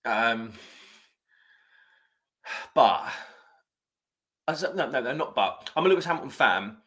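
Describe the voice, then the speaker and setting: A man's voice: mid-range voice, animated, a little slow, fairly bright tone. A man hosting a live stream, chatting casually and rambling as he reads out viewer comments. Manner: chatty, rambling, self-correcting.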